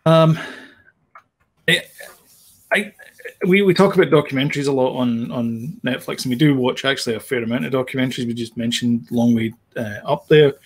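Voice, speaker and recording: A man's voice: medium pitch, moderate pace, breathy edge. A man, co-hosting a podcast in casual chat, rambling with plenty of fillers and restarts. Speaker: podcast co-host.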